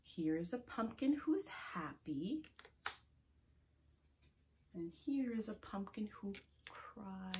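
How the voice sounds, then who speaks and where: Woman, children's librarian, preschool story time, slow sing-song reading, soft whispers, faint background hiss. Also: medium pitch, lively intonation. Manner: leads rhymes and chants with children. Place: public library.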